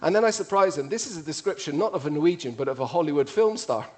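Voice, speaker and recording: A man's voice: on the high side, expressive, fast. A man with an English accent giving a witty, conversational public talk to an audience. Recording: played from a video.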